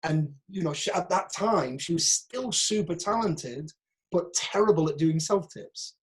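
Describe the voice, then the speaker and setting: A man with a Northeast English accent teaches over a video call, his voice sitting a touch higher than most men's. He talks frankly and casually, with plenty of asides as he critiques each clip. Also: unhurried. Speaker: acting agent and workshop teacher. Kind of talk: online workshop talk.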